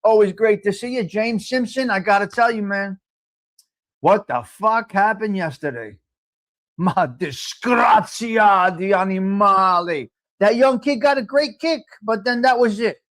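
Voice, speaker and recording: A man's voice: sits high, lively intonation, normal speed. A middle-aged man, hosting a live coffee chat stream and talking bluntly to viewers, joking and swearing freely.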